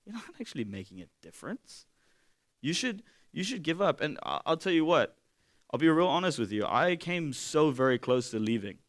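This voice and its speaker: Man, sermon, slightly high pitch, candid conversational manner, loud to hushed swings. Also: animated, normal speed. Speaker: pastor.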